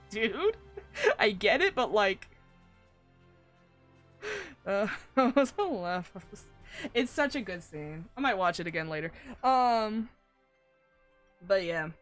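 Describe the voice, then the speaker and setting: A woman's voice: fairly high pitch, lively intonation, a little slow. A woman streamer chatting casually and animatedly about a game, swearing and laughing a lot. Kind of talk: casual live-stream chat. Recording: faint game music behind.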